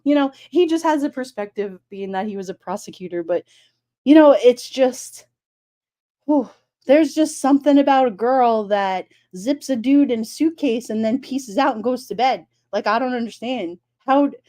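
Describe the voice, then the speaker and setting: A woman chatting casually on a live stream, animated and incredulous, often exclaiming. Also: fairly high pitch. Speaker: streamer talking true crime.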